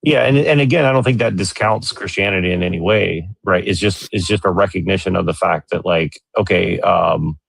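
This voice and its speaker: Low gravelly male guest, rambling and full of fillers, dry close sound. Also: brisk, hardly any pauses, no room sound. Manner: rambling, heavy on filler words. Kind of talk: casual philosophical debate.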